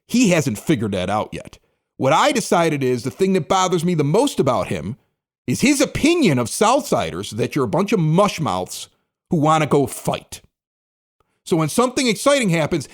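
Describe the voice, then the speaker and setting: Animated Chicago-raised man telling a story. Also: fairly high pitch. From South Side of Chicago. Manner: animated, candid, self-critical. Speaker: podcast host, former radio DJ. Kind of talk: casual storytelling commentary.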